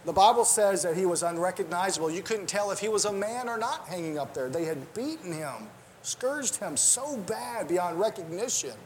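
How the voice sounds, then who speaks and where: A man's voice: high voice, expressive, normal speed, a little hiss or hum. A man preaching a sermon, earnest and conversational, with restarts and asides, quoting scripture in old-style wording.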